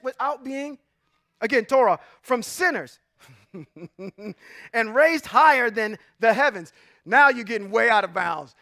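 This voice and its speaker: A man delivers informal Bible teaching in a very high, sharp voice, emphatic and packed with rhetorical questions. He chuckles often and throws in "y'all" and "come on now," captured in clean studio quality with no echo.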